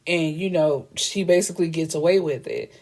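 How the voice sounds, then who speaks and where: A woman's voice: low voice, steady tone, moderate pace, a little mellow. A woman retelling a book's plot in a casual, blunt and profane way, acting out the dialogue as she goes. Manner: blunt, profane, chatty storytelling with quoted dialogue. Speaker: book reviewer.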